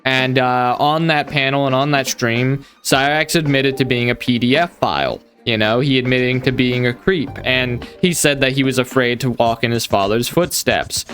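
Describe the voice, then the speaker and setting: A man's voice: medium pitch, moderate pace, few pauses, fairly bright tone, soft background music. A man giving casual commentary in a conversational way, often using filler phrases.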